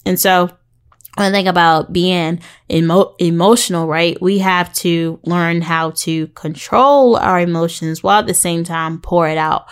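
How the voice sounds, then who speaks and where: A young woman hosts her podcast in a chatty, casual way, with a voice that sits a little low for a woman. She speaks to listeners directly and slips into preachy, sarcastic asides. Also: steady tone, unhurried, smooth. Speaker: podcast host. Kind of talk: casual faith-based podcast talk.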